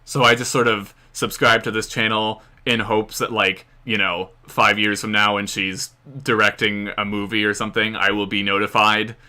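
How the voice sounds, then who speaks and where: Bright, crisp-voiced American man chatting. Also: on the low side, flat delivery, moderate pace, few pauses. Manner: rambling, many fillers, chuckles often. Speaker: history channel host. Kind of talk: casual live-stream Q&A chat.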